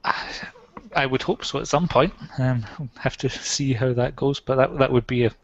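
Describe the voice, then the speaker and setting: A man with a rich voice speaks in a measured, thoughtful way on a headset during a casual online hangout. The sound is dry and close, with a dull, lo-fi tone. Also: medium pitch, fairly even intonation, dry recording. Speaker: photography student guest.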